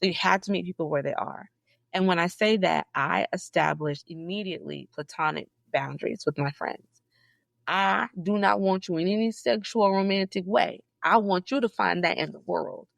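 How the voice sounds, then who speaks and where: A woman from Southeast Georgia, a guest in a casual interview, telling stories in an animated, emphatic way with sudden high, loud bursts. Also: moderate pace, creaky, no room sound. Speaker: podcast guest, librarian.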